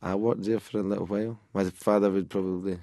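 A man's voice: deep voice, flat delivery, fast talker, dark tone. A man with a Scottish accent, a musician being interviewed, chatting casually and joking in a loose, playful way. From Scotland. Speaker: musician guest.

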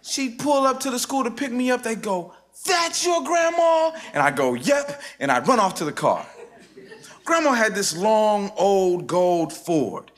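Wry spoken-word storyteller. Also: male voice, high voice, sing-song, fairly bright tone. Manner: rhythmic, wry, with dramatic pauses. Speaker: rapper. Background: guitar music.

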